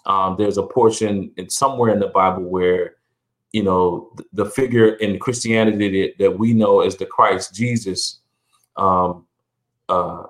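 Middle-aged male guest, somewhat low voice, earnest and reflective, given to repeats. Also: fairly even intonation, unhurried. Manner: earnest, repeats words and restarts, rises in pitch when stressing points. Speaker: podcast guest. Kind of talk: reflective conversational interview.

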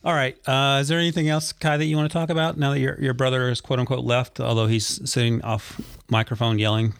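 A man's voice: mid-range voice, level tone, fast, creaky, no echo. Brief: male podcast host, a dad chatting with his kids, dry teasing humor, dry close sound. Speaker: podcast host interviewing his young sons. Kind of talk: casual family chat.

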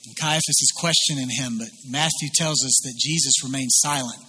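A man's voice: mid-range voice, moderate pace, pushed and bright, a little hiss or hum. A man preaching a sermon, retelling a biblical scene and voicing its people as he goes. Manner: storytelling with voiced quotes of biblical figures. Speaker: pastor.

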